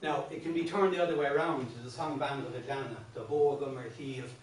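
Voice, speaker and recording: A man's voice: medium pitch, fairly even intonation, fast, far from the mic, slight background noise. An Irish man teaching a song workshop, explaining verse patterns patiently with many restarts and breaking into sung lines. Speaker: singing teacher. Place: classroom. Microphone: distant room mic. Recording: very echoey classroom, voice off-mic.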